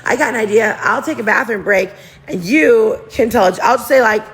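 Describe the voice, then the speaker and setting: A woman's voice: on the high side, fairly quick, breathy edge. A woman hosting a casual livestream, chatting and gossiping with viewers in a giggly, rambling way, talking into her phone. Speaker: livestream host.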